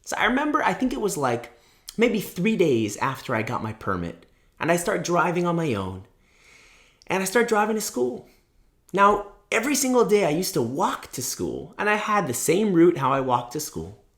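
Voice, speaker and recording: A rabbi tells a story in an animated, storyteller's way, now and then bursting into excited shouts. His voice is high and his pace is normal.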